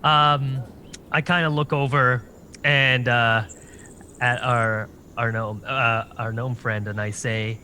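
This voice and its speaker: Slow, bright-voiced man playing a game. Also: mid-range voice, level tone, slight background noise. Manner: hesitant, many restarts. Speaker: player. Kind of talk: casual tabletop game talk.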